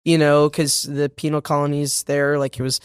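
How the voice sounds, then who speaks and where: A man's voice: on the high side, level tone, normal speed, smooth, dry recording, studio quality. Chatty young man, slight Boston accent. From Boston, USA. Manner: chatty, laughs often, many fillers and restarts. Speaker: guest, stage actor. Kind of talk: casual interview chat.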